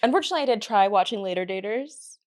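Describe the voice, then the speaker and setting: Brief: sardonic woman co-host, dry wit, mid pitch. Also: expressive, very fast, darkish tone. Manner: wry, sardonic. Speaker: podcast co-host. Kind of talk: casual pop culture chat.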